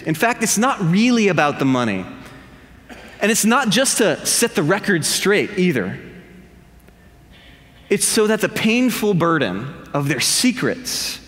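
A male pastor giving a humorous sermon in a church, telling stories with jokes and impressions. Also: a little high. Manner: animated storytelling with jokes and impressions. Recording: long hall reverb.

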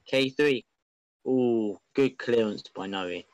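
Man, excitable rambling match commentary, openly biased, dry close sound. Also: mid-range voice, slow, dry recording, low-quality recording. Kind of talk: live esports football commentary.

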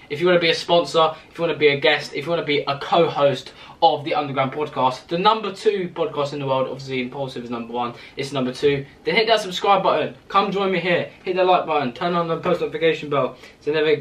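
Young man, solo podcast host, rambling, sweary, slightly high voice, a little off-mic. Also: a bit bright, far from the mic. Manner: rambling, swears freely, restarts often. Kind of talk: casual solo podcast chat.

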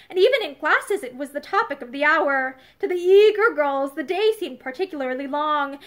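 A woman reading an old novel aloud, seated facing the camera, with an expressive storytelling delivery. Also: high voice. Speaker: audiobook narrator. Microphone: camera-facing recording.

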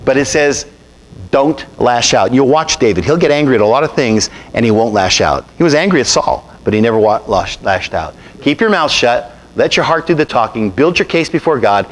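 A pastor preaching a sermon, calling on the congregation to repeat after him and answer. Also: male voice, mid-range voice.

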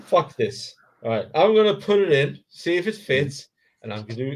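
A man hosting a casual live stream while building a model kit, excitable, self-mocking and swearing freely. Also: medium pitch, moderate pace.

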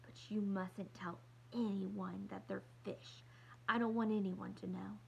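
A woman's voice: medium pitch, little pitch movement, unhurried, creaky, highs cut off, slight background noise. A woman reading aloud, voicing a feisty, sulky little girl who bellows and wails. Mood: sulky, coaxing. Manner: bellowing, wailing, petulant.

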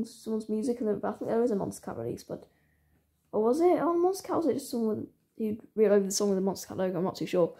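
A woman talks casually to her channel's viewers in a mid-pitched voice. She rambles and halts as she goes, often restarting her sentences. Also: darkish tone. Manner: rambling, halting, many restarts. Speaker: channel owner. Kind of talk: casual vlog chat.

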